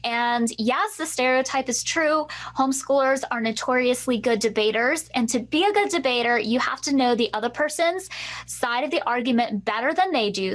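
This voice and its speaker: A woman co-hosting a masterclass, telling her personal story in an earnest, animated way. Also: on the high side. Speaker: empowerment coach, co-host.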